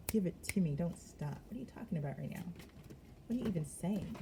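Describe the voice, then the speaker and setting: A woman's voice: fairly low pitch, lively intonation, quick pace, gravelly, mellow, a little hiss or hum. A woman giving a casual tarot reading to her viewers, chatty and often breaking into laughter. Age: adult parent of young children. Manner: chatty, addresses viewers as y'all. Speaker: tarot card reader.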